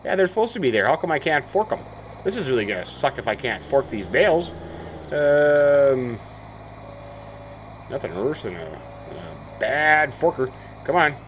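A chatty man gives casual gameplay commentary, thinking aloud as he goes. His pitch swings widely from low mutters to high surprised exclamations. A faint noise sits behind his voice. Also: sing-song, moderate pace, long pauses, rough recording. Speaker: let's play host.

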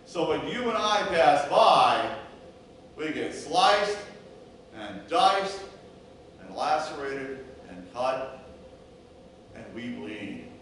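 A man's voice: mid-range voice, very animated, very slow, long pauses, a bit bright, distant mic, slight background noise. Man preaching in a very echoey church. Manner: rhythmic preaching with repeated word lists. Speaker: pastor. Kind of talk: sermon. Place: church sanctuary.

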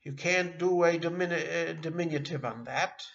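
A middle-aged man teaching a beginner language lesson online, halting often with fillers and restarting words. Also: on the high side, vocal fry, a bit bright, muffled recording. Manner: halting, with frequent uh and self-corrections. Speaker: Yiddish teacher.

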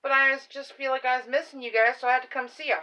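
A woman's voice: high voice, fairly even intonation, racing, bright, forceful tone, rough recording. An older woman, a grandmother, chatting casually and rambling in a folksy way while showing a shopping haul; she says she is tired. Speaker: haul vlogger. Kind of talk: casual chat.

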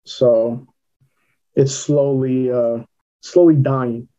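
New york guy, mellow dark voice, matter-of-fact, kinda muffled audio. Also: mid-range voice, fairly even intonation, drawn-out words. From Queens, New York. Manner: plain-spoken, matter-of-fact. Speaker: filmmaker guest. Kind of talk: casual interview.

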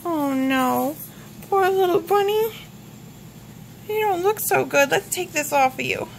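A woman narrating and acting out a toy-play story in an expressive, worried way, with frequent gasps. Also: very high voice, a little slow, vocal fry, slight background noise.

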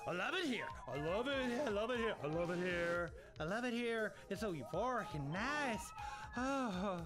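A man's voice: sits high, expressive, moderate pace. A man voicing a crude, blissed-out dead man in a video game afterlife, with giddy, moaning delivery over game music.

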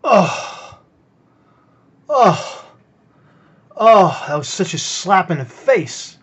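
A man's voice: high voice, sing-song, very slow, long pauses, breathy edge. A man ranting in commentary about videos he plays. He stammers, repeats words and keeps asking "right?". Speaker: vlogger. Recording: dull lo-fi sound.

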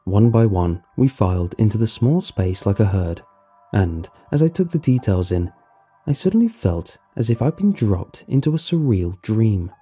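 A man narrating a horror story in a measured storytelling manner. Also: fairly low pitch, sing-song, warm tone, slightly rough, soft background music.

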